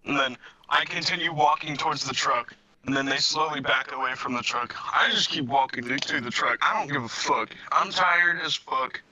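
Bright-voiced young man, blunt and profane. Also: on the high side, normal speed, low-quality recording. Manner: blunt, profane, deadpan delivery. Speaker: podcast co-host. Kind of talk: casual storytelling chat.

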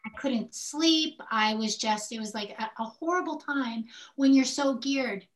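An older woman co-hosting a candid podcast conversation, telling personal stories in an animated way and acting out what people said. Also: on the high side, measured pace. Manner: animated storyteller who acts out quoted speech. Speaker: podcast co-host.

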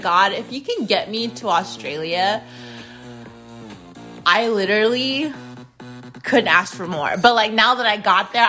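Profane, animated woman podcast host. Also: mid-range voice, rough recording. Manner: profane, rambling, stuttering repeats. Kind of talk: casual solo podcast monologue.

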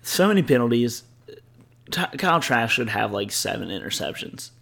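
Young co-host, gravelly voice, teasing and laid-back. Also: male voice, medium pitch, sing-song, moderate pace, sharp tone. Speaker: podcast co-host. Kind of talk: casual sports chat.

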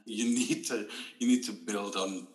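A man with a fairly low voice speaks as a guest in a relaxed interview, reflective and measured as he thinks out loud. He is heard over a video call in a roomy, echoing space. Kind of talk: casual chat interview.

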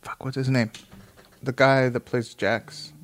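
A man's voice: medium pitch, level tone, a little slow, fairly bright tone. Rambling, swearing man chatting casually. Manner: profane, rambling, laughs often.

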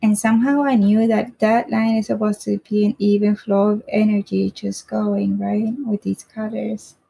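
A woman's voice: medium pitch, little pitch movement, moderate pace, vocal fry, dark tone, slightly rough, rough recording. A woman casually telling a personal story in a rambling way, swearing freely and often asking "right?".

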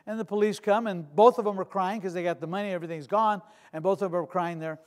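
A man in his sixties, a pastor preaching a sermon with humor and asides, swinging from loud declarations to hushed storytelling. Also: high voice, steady tone, fast. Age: 60s.

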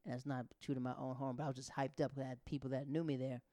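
A man's voice: medium pitch, very fast, no room sound. A man in his thirties doing stand-up, telling rambling stories that interrupt themselves. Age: 30s. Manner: rambling, self-interrupting, animated. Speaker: stand-up comedian. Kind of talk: stand-up storytelling.

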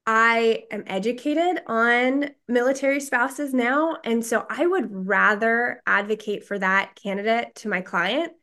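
A woman's voice: on the high side, unhurried, few pauses, sharp tone. A woman who works as a recruiter, co-hosting a podcast and speaking in an emphatic, persuasive way. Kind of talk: conversational interview.

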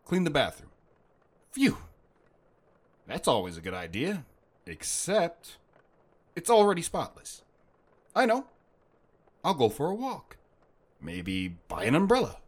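A man's voice: mid-range voice, big pitch swings, normal speed, husky. A man playing a kind, playful butcher. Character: kindly middle-aged male butcher, playful and protective. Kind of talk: radio drama acting.

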